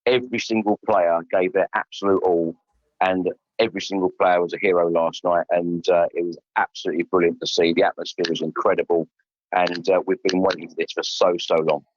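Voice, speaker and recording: Croaky, elated male football fan. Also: deep voice, level tone, brisk, no echo, dull audio. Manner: enthusiastic, emphatic. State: croaky voice, no sleep. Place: airport.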